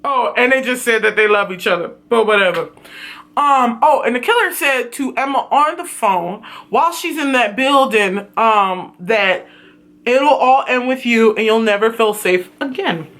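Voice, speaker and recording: A woman reviewing a TV series in a casual, animated recap, swearing freely and telling it dramatically. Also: fairly high pitch, normal speed. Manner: excitable, profane, dramatic storytelling.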